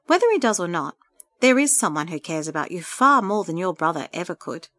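A woman voicing a gentle, comforting friend. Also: on the low side, big pitch swings, a little fast, no echo. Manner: gentle, soothing, encouraging. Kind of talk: storybook reading.

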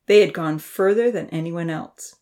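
A woman narrating a children's storybook in an expressive, lively reading voice. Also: fairly low pitch, moderate pace.

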